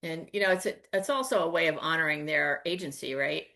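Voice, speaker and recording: A woman's voice: low-pitched, brisk, bright, forceful tone. A woman on a video call adding her thoughts in a casual, agreeable way, with fillers. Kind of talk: casual discussion.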